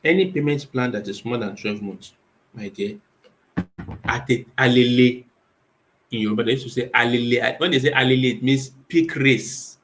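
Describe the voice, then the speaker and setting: A man's voice: mid-range voice, normal speed, a bit bright, poor audio. A man with a Nigerian accent giving advice as a real estate company owner, emphatic and repetitive, asking rhetorical questions and answering them himself. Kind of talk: spoken advice talk.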